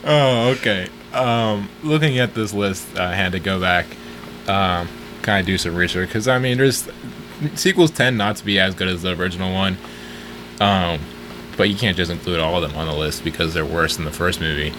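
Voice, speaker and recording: A man's voice: low voice, moderate pace, fairly bright tone, a little hiss or hum. A man co-hosting a casual movie podcast, talking steadily and plainly, with dry remarks. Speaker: podcast co-host. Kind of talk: casual movie review chat.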